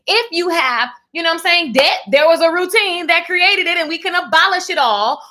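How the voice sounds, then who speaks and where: A woman's voice: sits high, pushed and bright. A woman hosting a motivational live stream, talking animatedly and in a preachy tone, calling her viewers darling. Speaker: livestream host.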